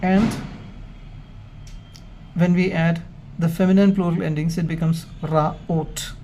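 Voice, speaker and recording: A man with a gravelly, mellow voice teaching a grammar lesson. He speaks very slowly and methodically, pausing between phrases. Faint noise and passing traffic can be heard in the background. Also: a little high, fairly even intonation. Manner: measured, stepwise explaining with pauses. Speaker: Hebrew grammar lecturer.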